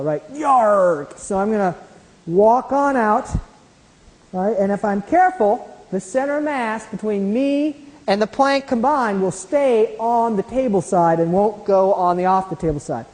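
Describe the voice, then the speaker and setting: A woman's voice: medium pitch, warm tone. Woman teacher demonstrating in a reverberant room. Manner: explains while doing hands-on demonstrations, often checking in with "okay?". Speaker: science teacher. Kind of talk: classroom demonstration lecture. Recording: long reverb of a large room.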